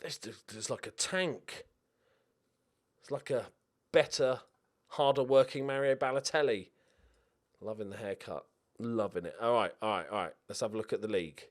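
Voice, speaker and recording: A young man giving excitable, jokey let's-play commentary with frequent swearing while talking to himself. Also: lowish voice, moderate pace, long pauses. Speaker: video game streamer.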